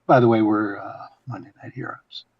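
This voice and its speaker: A man with a husky, fairly low voice makes joking asides in a tabletop game. His mic sounds dull and lo-fi, close and dry. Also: fairly even intonation, normal speed, dry recording. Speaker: player. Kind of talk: casual tabletop play.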